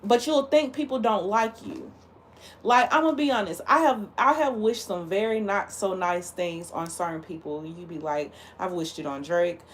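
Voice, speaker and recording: A woman's voice: mid-range voice, moderate pace, slight background noise. A woman hosting a livestream, talking casually in a blunt, heated and emphatic way. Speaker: livestream host.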